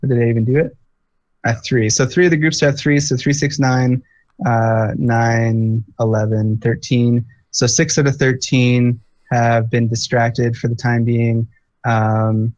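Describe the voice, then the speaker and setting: A man's voice: mid-range voice, no echo. A man running a tabletop game as game master, thinking aloud with many fillers. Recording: dull lo-fi dry recording.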